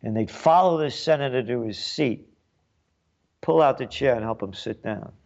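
A man delivers a ranting commentary monologue, sarcastic and mocking. He swings from loud jabs to muttered asides in a mid-range voice. The recording sounds dull and lo-fi. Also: mid-range voice, normal speed, gravelly. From New York. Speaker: commentary show host.

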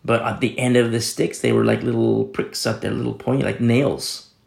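A man's voice: mid-range voice, level tone, normal speed, creaky, a little mellow, reverberant. A man pastor giving a conversational Bible teaching sermon, rambling with many restarts and sudden emphatic rises.

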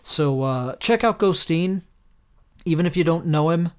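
A tired man rambles through a solo podcast, self-deprecating and full of "uh"s. His voice is smooth and clear and sits a touch high for a man. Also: lively intonation, measured pace. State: tired and a little tipsy. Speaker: podcast host. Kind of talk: casual solo podcast talk.

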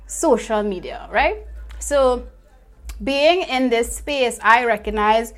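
A woman's voice: a little high, slow pace, fairly bright tone. A young adult woman, a life coach, telling her personal story in an earnest, reflective way, repeating phrases for emphasis.

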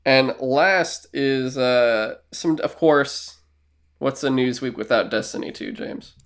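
A man co-hosting a casual podcast, rambling and animated, acting out little quoted exchanges as he talks. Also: medium pitch, slow pace. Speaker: podcast co-host. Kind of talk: casual chat.

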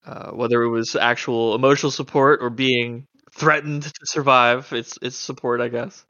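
A man running a tabletop game as game master, speaking haltingly with frequent fillers. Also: medium pitch, steady tone, sharp tone, no echo. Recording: muffled lo-fi audio.

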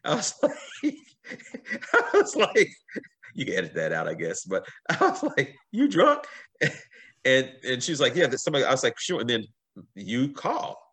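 A middle-aged man, a guest on a podcast, telling stories in a casual, animated way, swearing freely and acting out what people said. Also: on the low side. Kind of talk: casual storytelling.

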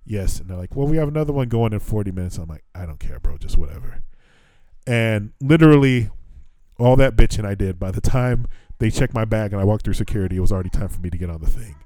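Speaking quickly in a fairly low voice, this podcast host narrates a story in a loose, chatty way, and the recording is dry. He's profane and lively, performing the dialogue himself.

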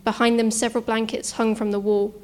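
A woman narrating a suspense story in a measured, tense manner. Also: fairly high pitch, flat delivery, darkish tone.

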